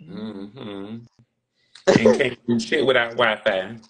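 A man's voice: fairly low pitch, fairly even intonation, takes it slowly, a crowd in the background. A man chiming into a casual chat with short, blunt remarks.

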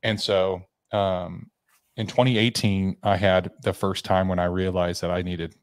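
Low-voiced man telling a raw personal story. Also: flat delivery, measured pace, clean tone, no room sound. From Tennessee. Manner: rambling with fillers and restarts, acting out quoted dialogue. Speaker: podcast guest.

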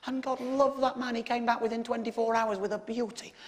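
An English man doing stand-up, telling a story in an exasperated, sweary way that bursts into shouting. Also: very high-pitched, little pitch movement, fairly quick. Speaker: stand-up comedian. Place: comedy stage before a live audience. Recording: echoey live venue with loud audience. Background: audience laughter.

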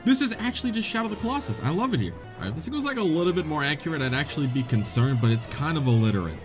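An excitable young man narrates his game with jokes, swearing and frequent laughter. His pitch swings widely from low grumbles to high squeals. Faint game music plays underneath. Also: very fast. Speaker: gaming video host. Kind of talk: let's play commentary.

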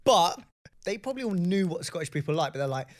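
A man's voice: sits high, big pitch swings, fast, crowd noise. A man co-hosting a podcast, giggly and gushing in casual chat. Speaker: podcast co-host.

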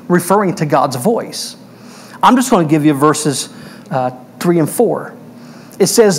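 A man's voice: a little high, slight background noise. A man preaching a verse-by-verse sermon as pastor, emphatic, often asking the congregation questions. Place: church.

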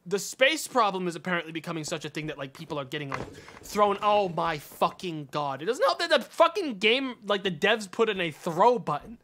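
A male streamer giving live game commentary, exasperated and swearing, with sudden yells. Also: high voice, very animated, brisk, slight background noise.

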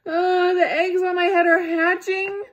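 A woman voicing a fretful male elephant with birds on his head, reading a picture book aloud to children in a husky voice. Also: on the high side, animated, takes it slowly, voice pushed up, full character voice. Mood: alarmed. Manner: anxious, pleading, then relieved.

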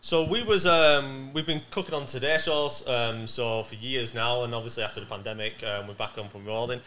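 A man's voice: mid-range voice, brisk, bright, forceful tone. A man from Manchester with a Mancunian accent, a guest cook chatting upbeat on a podcast. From Manchester, England. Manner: upbeat, eager agreement. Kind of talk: casual podcast chat.

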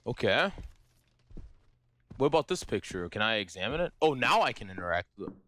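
Excitable young man gaming, lively pitch. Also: brisk, a little hiss or hum. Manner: jumpy, excitable and swearing a lot. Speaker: streamer playing a horror game. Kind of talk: live gaming stream commentary.

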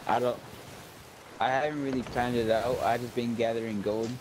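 A man chatting in a game, answering briefly in a quiet, laid-back way. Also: medium pitch, fairly even intonation, normal speed, slight background noise, rough recording. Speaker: fellow player. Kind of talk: casual game voice chat.

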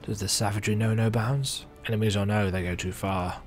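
Weary navy officer as a man reads him, gruff and low. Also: steady tone, fairly quick, lightly acted. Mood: solemn. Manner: read-out game dialogue.

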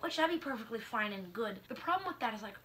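A young woman giving a sarcastic, animated comedic commentary on a book of stories, with mock outrage. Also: a little high, quick pace. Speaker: book reviewer. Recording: faint music underneath.

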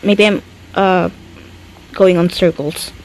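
On a rough recording, a woman with a lowish, darkish voice speaks slowly with fairly even intonation. She's a gaming YouTuber talking herself through a horror game, jumpy and scared with trembling hands, swearing plenty.

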